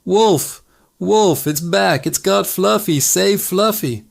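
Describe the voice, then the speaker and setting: A man's voice: mid-range voice, steady tone, moderate pace, natural voice. A man voicing a young prankster shepherd boy who screams in panic. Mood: mock panic. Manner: frantic screaming.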